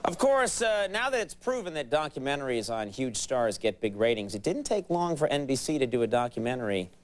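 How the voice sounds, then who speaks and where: A man's voice: mid-range voice, crowd noise. A man hosting a late-night talk show, wry and teasing, in a studio before a live audience. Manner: quick, wry, deadpan-teasing. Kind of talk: comedy monologue and sketch banter. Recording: studio audience and background noise.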